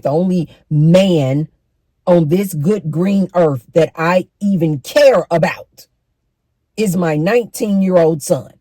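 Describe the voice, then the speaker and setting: A woman's voice: lowish voice, mellow, no room sound. A middle-aged woman giving relationship advice straight to her viewers, emphatic and preachy. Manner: emphatic, preachy, direct address to women. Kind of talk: advice monologue to camera.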